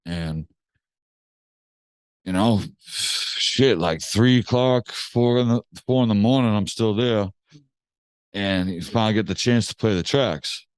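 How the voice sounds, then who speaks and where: A young man from Massachusetts, a music producer telling a story in a casual podcast chat, animated and slangy, swearing casually. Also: on the low side, takes it slowly, long pauses, clean tone, no echo. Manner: animated, slangy, swears casually, acts out other people's lines.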